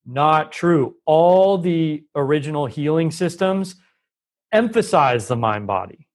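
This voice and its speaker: A man on a podcast explaining health ideas at length, lively and talkative, often acting out quoted voices. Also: fairly high pitch, takes it slowly. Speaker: guest expert on holistic health. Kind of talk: conversational podcast interview.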